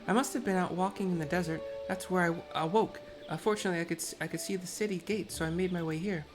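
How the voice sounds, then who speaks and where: A man voicing a forgetful young woman who is lost and pleading, read softly with small stumbles. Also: high-pitched, creaky, voice pushed up. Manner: soft, hesitant reading with small stumbles.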